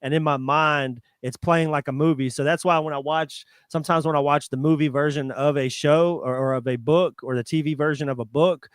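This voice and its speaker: A man's voice: fairly high pitch, fairly even intonation, fairly quick, hardly any pauses, clean tone, dry recording, clean studio sound. A man co-hosting a podcast in casual chat, rambling with lots of "like" and "kinda.". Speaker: podcast co-host.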